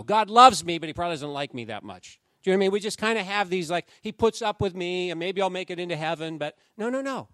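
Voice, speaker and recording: A man preaching a sermon to his congregation, animated, acting out the voices of the people he quotes. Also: sits high, no echo, studio quality. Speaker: pastor.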